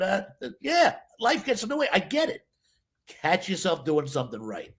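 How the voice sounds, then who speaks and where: A man, a stage hypnotist, chatting in a casual interview and telling lively stories, acting out other people's voices. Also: fairly high pitch, normal speed. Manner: animated storyteller, acts out voices.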